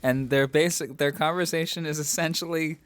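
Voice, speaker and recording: A young man co-hosting a casual movie podcast, joking, laughing and shouting out quoted lines. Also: on the high side, fairly even intonation, normal speed, no echo. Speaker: podcast co-host.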